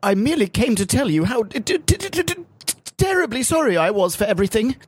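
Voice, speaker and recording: A man voicing a rude, testy old gentleman time traveller who talks down to everyone. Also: extremely high pitch, big pitch swings, fast talker, husky, dry recording, voice pushed up, heavily acted. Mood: flustered. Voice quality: querulous and condescending.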